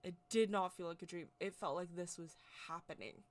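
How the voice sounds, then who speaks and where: A woman vlogger telling a personal story in a casual, rambling, excitable way, with constant "like" fillers. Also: on the low side, fairly quick. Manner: chatty, rambling, heavy use of "like"; excitable, animated retelling. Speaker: witchcraft vlogger.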